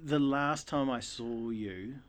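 A man's voice: mid-range voice, slow. Podcast cohost guy, mid voice, teasing, lots of short yeahs. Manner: agreeable, teasing, short replies. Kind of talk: casual chat.

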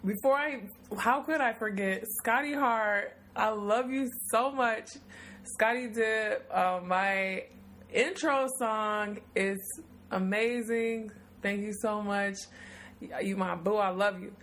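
A woman's voice: medium pitch, slow pace, fairly bright tone, slight background noise. A woman hosting a podcast in loose, affectionate, rambling chat with plenty of fillers. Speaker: podcast host.

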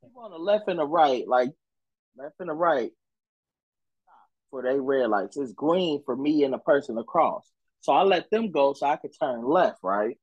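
A young man co-hosting a podcast tells a long story in loose, profane chat. His voice sits a little high and swings widely, jumping up when he acts out what people said. The sound is close and dry, with no room around it. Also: normal speed, breathy edge, dry recording, dull audio. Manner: animated, profane, acts out quotes in a higher voice. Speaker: podcast co-host.

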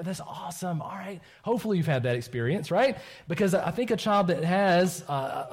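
A man's voice: fairly high pitch, a little mellow. A man preaching a sermon, chatting playfully with a child in front of the congregation and laughing easily. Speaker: pastor.

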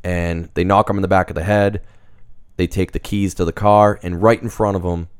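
A man's voice: deep voice, steady tone, normal speed, clean tone, no room sound, clean studio sound. A man in casual conversation, retelling a movie plot in a rambling way with lots of fillers. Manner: rambling, filler-heavy storytelling. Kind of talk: casual movie recap chat.

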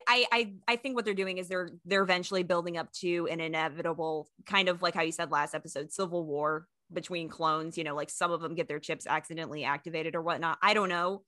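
A woman co-hosts a casual podcast, her lowish voice carrying a bright, sharp edge as she talks eagerly and laughs often. The recording is dry and close to the mic. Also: steady tone, no room sound. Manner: eager, quick to laugh, rambling fan talk. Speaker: podcast co-host. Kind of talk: casual chat.

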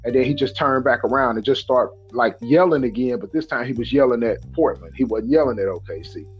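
Man, casual storytelling, animated, husky, dull audio. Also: mid-range voice, brisk, soft background music. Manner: animated, acts out other people's lines in a raised voice. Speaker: podcast host.

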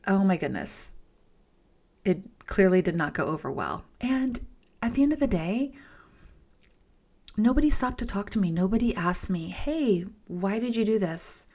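A woman's voice: mid-range voice, sing-song, normal speed, pauses often, darkish tone. A woman hosting a podcast, telling a personal story in a candid, emphatic way, repeating words for stress, often dropping to a whisper and speaking to listeners as "you guys.". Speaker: podcast host.

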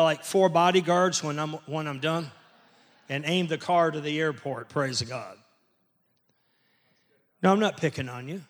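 An older man, a pastor, preaching a sermon in an emphatic way that builds to loud peaks. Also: fairly high pitch, vocal fry.

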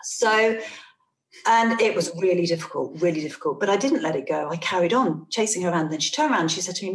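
A woman in her forties, a parent, telling a personal story in casual conversation, earnest and halting, with many restarts and repeated phrases. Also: on the low side, animated. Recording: roomy, echoey room sound.

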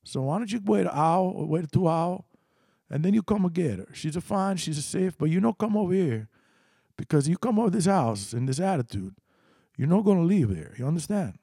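A man voicing a tough, protective older father with broken grammar and a blunt, menacing calm. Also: medium pitch, brisk, no room sound, studio quality, lightly acted.

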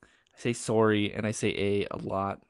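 A man's voice: lowish voice, level tone, normal speed, vocal fry, smooth, no echo. Chatty Canadian man, dry close sound. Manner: chatty, laughs easily, restarts words. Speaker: podcast host. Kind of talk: casual chat.

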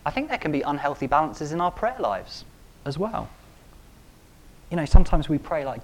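A man delivers a sermon in an emphatic style. He stresses key phrases by repeating them and climbs to loud peaks on important words. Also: a little high, sing-song, normal speed, long pauses. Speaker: preacher.

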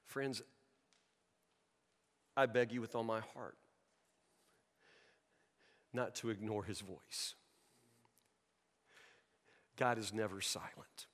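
A man's voice: fairly low pitch, fairly bright tone. Earnest pastor man preaching in a reverberant hall. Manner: earnest, pleading, repeats words. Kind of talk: sermon with storytelling. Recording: long reverb in a large hall.

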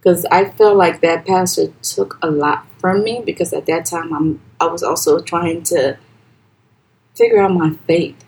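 In a podcast interview, a young woman with a Liberian accent tells her own story, her low voice soft and halting, full of pauses and false starts. Her voice turns high and loud whenever she quotes someone else, all captured in low-quality audio.

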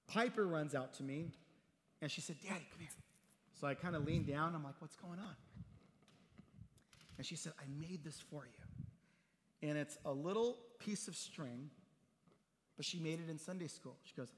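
A middle-aged man preaching as a pastor, telling personal stories in a conversational way and acting out the dialogue with humor. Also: on the high side. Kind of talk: sermon with storytelling. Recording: long hall reverb.

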